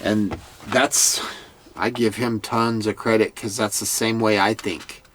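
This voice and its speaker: A man's voice: fairly low pitch, level tone, slow pace, fairly bright tone, slight background noise. A man giving a casual recap of a TV episode, in an earnest, heartfelt way that sometimes stumbles over repeated words. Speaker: TV show commentator.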